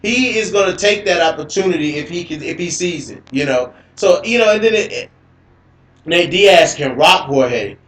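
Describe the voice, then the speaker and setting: A man hosting a casual mixed martial arts talk show. He rambles, curses and repeats himself as he gets excited. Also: fairly high pitch, normal speed. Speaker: host of MMA talk show. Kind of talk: casual live-stream commentary. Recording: echoey live-stream audio.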